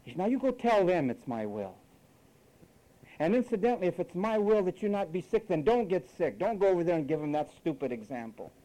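A male preacher delivering a sermon with a lively, swooping delivery and a higher-than-usual voice. His tone is mellow and dark, and he scolds and mocks while acting out what others say. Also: brisk, low-quality recording.

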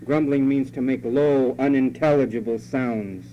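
A man's voice: medium pitch, measured pace. A pastor preaching a sermon, scolding his congregation in a conversational way and mimicking their complaints. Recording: dull lo-fi recording with faint hum.

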